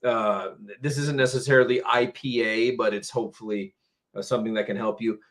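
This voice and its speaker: Man, english teacher, live stream lesson, patient, repeats words slowly. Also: medium pitch, steady tone, fairly bright tone. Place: home, Tampa area.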